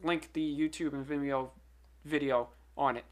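A man's voice: a little high, steady tone, normal speed. A man hosting a casual podcast, rambling with lots of fillers and restarts as he explains things. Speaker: podcast host and filmmaker. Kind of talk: casual podcast chat and commentary.

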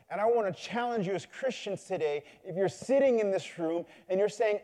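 A man's voice: high voice, animated, fairly quick, hardly any pauses, mellow. A man preaching a sermon, telling a story in a loose, conversational way and building to fervent appeals.

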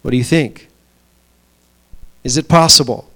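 Male pastor, mid-pitched voice, chatty storytelling sermon delivery. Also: bright, forceful tone. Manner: storytelling, conversational with pauses and fillers. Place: small church.

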